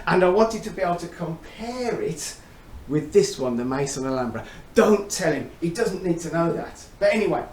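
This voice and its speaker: A man with a slightly higher voice talks chummily to camera, spinning stories as he goes. The room has a noticeable echo, and a faint hum sits behind him. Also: lively intonation, moderate pace, darkish tone. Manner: chatty, chummy, storytelling. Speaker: fragrance reviewer. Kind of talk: casual chat to camera. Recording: roomy echo, faint background noise.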